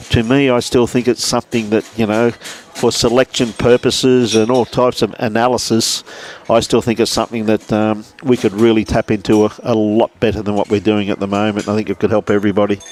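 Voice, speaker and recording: A man's voice: mid-range voice, darkish tone. A man with an Australian accent giving casual live commentary on a lawn bowls livestream, chatting and greeting viewers by name between shots.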